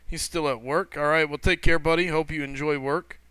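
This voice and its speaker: A man's voice: on the high side, fairly even intonation, fairly quick, bright, forceful tone, clear, resonant tone, no room sound. A man hosting a gaming livestream in casual chat, greeting viewers and reading their messages aloud in a loose, rambling way. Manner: loose and rambling, with frequent fillers and self-corrections.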